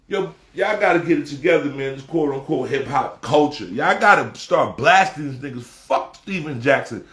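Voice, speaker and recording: Man ranting profanely in an echoey room. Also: sits high. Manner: profane, emphatic, rising to shouts. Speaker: commentator. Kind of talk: heated casual rant.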